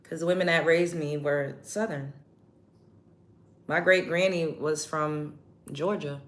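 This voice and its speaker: A young woman from New York talks to her livestream viewers in a loose, chatty way while she gets ready. Her voice sits a little low for a woman. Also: fairly even intonation, slow pace. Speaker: livestream host. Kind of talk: casual livestream chat.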